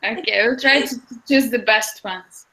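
Woman, high voice, slow pace, patient teacher, online lesson. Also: rough recording. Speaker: language teacher.

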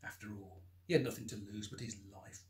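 A man reading aloud from his own novel in a measured, expressive narration with dramatic emphasis. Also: lowish voice. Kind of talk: audiobook-style scripted narration.

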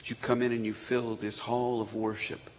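A man preaching a sermon to a congregation, telling the story dramatically and swinging from loud emphasis down to near-whispers. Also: medium pitch, little pitch movement, normal speed. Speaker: pastor. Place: large church sanctuary. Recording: reverberant church hall.

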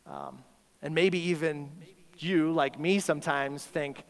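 A man's voice: fairly high pitch, fairly even intonation, slow. A man preaching a sermon at a school chapel service, emphatic, with rhetorical questions and acted-out inner voices. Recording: long hall reverb.

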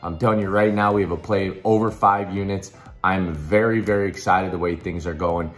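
Deep-voiced hyped man pitching bets. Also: fairly even intonation, brisk. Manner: hyped salesman talk with fillers and restarts. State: slightly hoarse. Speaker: sports betting tipster. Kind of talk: casual promotional pitch.

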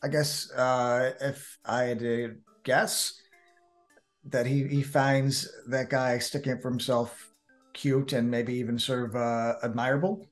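A man with a New Jersey accent, co-hosting a casual podcast chat in an animated, chatty way with frequent restarts. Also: mid-range voice, measured pace, faint music behind. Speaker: co-host.

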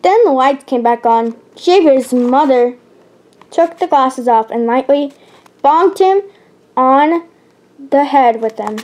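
A woman's voice: high-pitched, expressive, slow, a little mellow. A woman reading a children's chapter book aloud, carefully, with stumbles and self-corrections. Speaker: channel host.

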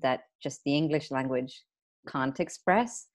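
A young adult woman co-hosting a casual podcast, telling stories in a chatty way with quick asides. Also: extremely low pitch. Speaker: podcast co-host.

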